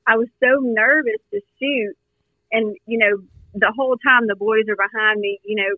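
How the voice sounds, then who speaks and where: A woman from Louisiana, a guest telling her hunting story in an earnest, animated way with lots of fillers, heard over a phone line. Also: a little high, a little fast, dry recording. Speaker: guest hunter. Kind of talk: storytelling in a podcast interview.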